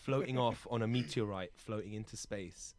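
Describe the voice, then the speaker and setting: A man's voice: lowish voice, moderate pace, a little mellow. A man hosting a comedy podcast, chatty and self-mocking. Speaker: podcast host. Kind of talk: casual chat.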